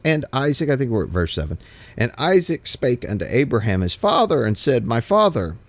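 A man's voice: mid-range voice, sing-song, fairly quick, no room sound. A man teaching a Bible study, reading scripture aloud and commenting with emphatic repetitions and restarts.

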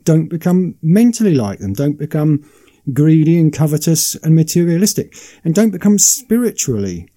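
A man's voice: fairly high pitch, sing-song, normal speed, dark tone. A man in casual podcast chat, stammering and repeating words as he goes.

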